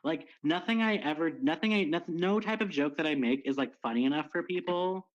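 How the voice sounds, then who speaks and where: A man's voice: a little high, brisk, highs cut off. A man calling into a stream, chatting casually in a rambling, self-deprecating way. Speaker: stream caller. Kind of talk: casual chat.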